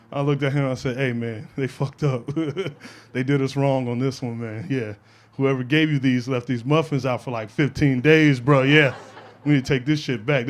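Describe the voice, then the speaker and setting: A young adult man performing a brash, profane stand-up routine on a comedy stage, working the crowd. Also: medium pitch. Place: comedy stage with a live audience laughing.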